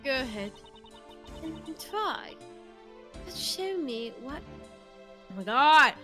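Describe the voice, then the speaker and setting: A woman's voice: sits high, expressive, slow, over music. A woman voicing an arrogant young woman prosecutor in a put-on foreign accent, stumbling now and then. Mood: haughty. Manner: haughty, stumbling over lines.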